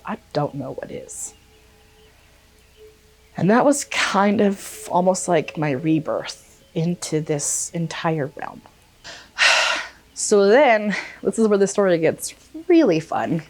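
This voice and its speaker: A young woman vlogger with a lowish voice tells a personal story casually, staying animated, cursing freely, and performing the quotes she relates.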